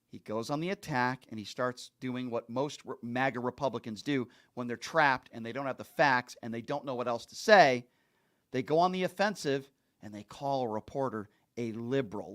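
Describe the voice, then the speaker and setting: A man's voice: mid-range voice, fairly bright tone. A male host delivering an angry political commentary rant, insulting and heavily emphatic.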